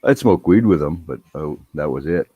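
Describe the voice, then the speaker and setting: Deep-voiced man telling a rambling story. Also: expressive, normal speed, mellow, breathy edge, dry recording, highs cut off. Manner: rambling, heavy swearing, laid-back. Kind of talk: casual storytelling chat.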